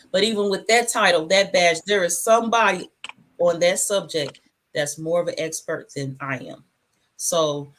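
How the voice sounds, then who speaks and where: Woman rambling through a casual chat. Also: medium pitch. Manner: rambling, reflective, relaxed; talks with food in her mouth. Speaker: channel host. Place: her home.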